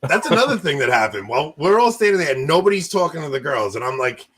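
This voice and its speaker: Man, casual storytelling chat, husky, lively rising and falling pitch, jokey. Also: fast, poor audio. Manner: joking, animated, acts out others' lines. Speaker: podcast co-host.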